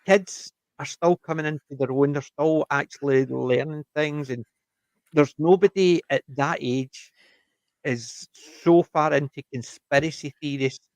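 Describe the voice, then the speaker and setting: A man with a gravelly, creaky voice talks through a TV episode in casual chat. He rambles and restarts as he retells scenes. His voice is recorded close and dry, with no room sound. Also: fairly high pitch, unhurried, darkish tone, dry recording. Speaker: TV review podcast co-host.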